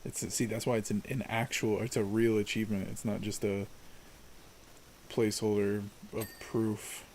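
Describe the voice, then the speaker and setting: A man's voice: fairly low pitch, level tone, normal speed, darkish tone, a little hiss or hum. A man casually chatting and joking while playing a co-op game, rambling and laughing often. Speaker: co-host. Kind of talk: casual gaming chat.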